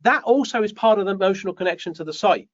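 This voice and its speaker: A man co-hosting a live show, reading out viewer comments and joking with them in a teasing, animated way. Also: high voice, fast. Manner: jokey, teasing, animated storytelling. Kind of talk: casual live show chat. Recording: dull, dry lo-fi stream audio.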